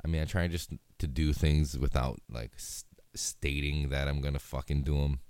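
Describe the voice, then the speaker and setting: A man's voice: a bass voice, fairly even intonation, normal speed, a little mellow, smooth, no echo. A young man hosting a solo podcast, talking in a laid-back, rambling way and swearing constantly. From Hawaii. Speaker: podcast host. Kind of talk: casual solo podcast chat.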